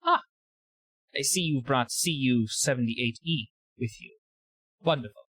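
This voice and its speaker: A man voicing an eerie, faceless male alien entity who speaks in slow, cryptic phrases. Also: mid-range voice, a bit bright, breathy edge, no room sound, pitched above the performer's own voice.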